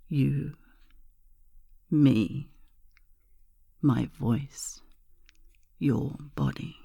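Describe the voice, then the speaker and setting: An erotic audio performer in a whispered role-play, speaking in a slow, teasing, breathy murmur that swells into loud moans. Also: mid-range voice, no echo, clean studio sound.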